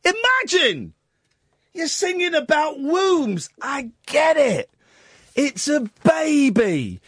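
A man's voice: very high voice, sing-song, slow pace, fairly bright tone, no room sound, clean studio sound. A man hosting a radio show, delivering a comic, mock-outraged rant and humming bits of tunes. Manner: incredulous, ranting, mock-outraged; sings and hums snatches of tunes. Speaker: radio host.

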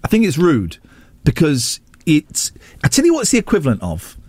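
Excitable man hosting radio. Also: a little high, moderate pace, breathy edge, no echo. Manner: excitable, playful, self-mocking. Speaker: radio host. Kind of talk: casual radio banter. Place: radio studio.

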